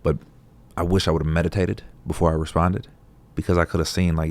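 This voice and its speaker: Very deep-voiced laid-back vlogger man. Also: little pitch movement, a little fast. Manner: laid-back, profane, conversational. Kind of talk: casual reflective talk to camera.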